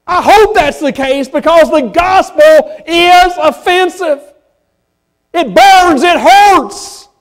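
A man with a Southern accent preaching a sermon as pastor, folksy and at times rising to impassioned shouts. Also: very high-pitched. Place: church sanctuary.

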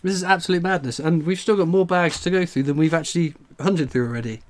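Excitable man, fairly high voice. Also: fast talker, a little hiss or hum. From England. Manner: exclaiming, laughing, breathless with excitement. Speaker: coin collecting streamer. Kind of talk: excited live stream commentary.

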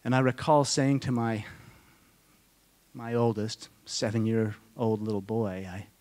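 A middle-aged man speaking to a conference audience, telling a personal story in a slow, halting, deeply emotional way, often dropping to a hush. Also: steady tone. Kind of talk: personal testimony talk to an audience. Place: conference hall.

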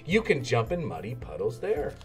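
A patient mother pig, as a man reading aloud puts her on, soft and calm. Her voice moves easily up and down. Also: mid-range voice, moderate pace, soft background music. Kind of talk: storybook read-aloud.

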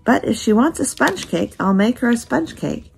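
A woman's voice: on the high side, expressive, normal speed, gravelly, faint music behind, pitched above the performer's own voice. A grandmother reading aloud, voicing a literal-minded, cheerful housekeeper with folksy, matter-of-fact speech. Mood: chipper.

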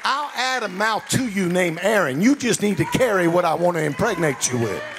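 A man playing God in a sermon, giving loud, forceful commands. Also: high-pitched, animated, moderate pace, crowd noise, background noise. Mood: commanding. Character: God, commanding and booming divine voice. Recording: reverberant hall.

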